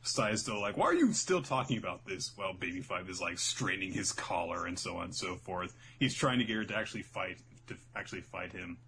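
Man, co-host, casual recap, animated, profane, bright tone. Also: low-pitched, fairly quick, hardly any pauses, a little hiss or hum. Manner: animated, profane, laughs often. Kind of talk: casual chat recapping a show.

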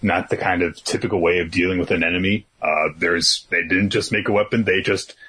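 A man's voice: deep voice, fairly even intonation, a little fast, sharp tone, slight background noise. A man co-hosting a podcast, chatting in a laid-back way about manga chapters and thinking aloud with fillers. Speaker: podcast co-host.

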